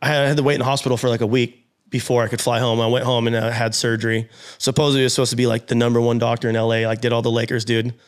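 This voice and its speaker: A man guest on a podcast, telling a story in an animated way and acting out his own past lines with plenty of swearing. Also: mid-range voice, very fast, smooth. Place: podcast studio.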